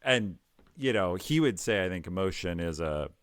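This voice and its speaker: Calm, low-voiced middle-aged man from Ohio. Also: clean tone, no room sound. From Ohio, United States. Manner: calm, measured, hesitant with fillers. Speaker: podcast guest, tech executive. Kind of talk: conversational storytelling.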